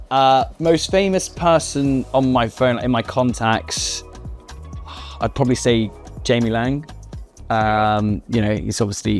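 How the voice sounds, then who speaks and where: A young man in casual conversation, relaxed and chatty, laughing often as he tells stories. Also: medium pitch. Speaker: interviewer. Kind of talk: casual chat.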